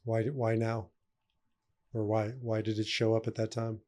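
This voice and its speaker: Male podcast host, low, even delivery, probing questions. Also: moderate pace. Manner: probing, asks short follow-up questions. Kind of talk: conversational interview.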